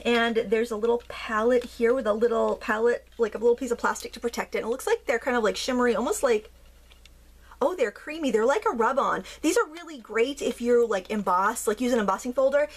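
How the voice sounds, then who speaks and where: Gushing, excitable woman craft vlogger. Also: on the high side, brisk. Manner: gushing, gasping, many fillers. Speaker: craft YouTuber. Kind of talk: excited unboxing and demo.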